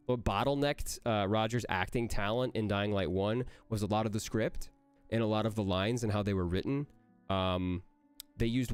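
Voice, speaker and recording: A man, a voice actor, answering chat questions on a casual livestream in an energetic, rambling way that jumps between jokes and praise. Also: lowish voice, clear, resonant tone.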